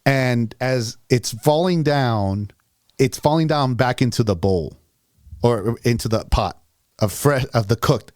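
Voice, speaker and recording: A man in his forties hosts a casual podcast in a relaxed, joking tone, with a medium-pitched voice. He tells his stories loosely. The sound is dry and close to the mic. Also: measured pace, dry recording. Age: 40s. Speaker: podcast host.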